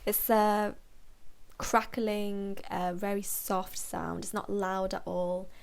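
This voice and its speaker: A woman tutor reading a children's book aloud and patiently explaining its words, with many pauses and fillers. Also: mid-range voice, darkish tone.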